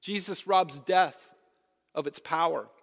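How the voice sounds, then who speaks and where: A man's voice: fairly high pitch, slow, creaky. A man preaching a sermon as pastor of his church, repeating lines and asking the congregation questions. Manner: preaching with rhetorical questions and repetition. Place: church sanctuary. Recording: long reverb of a church hall.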